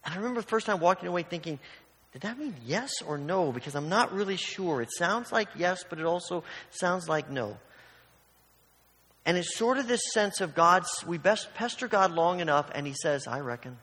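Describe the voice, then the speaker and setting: Brief: male pastor, slightly high voice, conversational sermon, acts out little scenes, long hall reverb. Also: lively intonation, moderate pace, bright, forceful tone. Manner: storytelling with acted-out voices, conversational.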